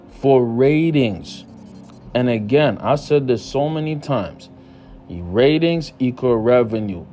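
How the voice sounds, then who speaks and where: A YouTube commentary host gives solo sports media commentary on his own channel, casual and emphatic, repeating phrases for stress. His voice is mid-range with a dark tone.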